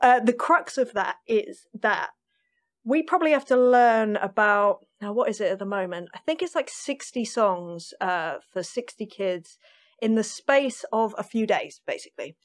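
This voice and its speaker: A woman drummer, a podcast guest, telling stories in a lively, chatty way and laughing often. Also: mid-range voice, normal speed. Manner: animated storytelling, laughs often. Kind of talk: casual interview chat.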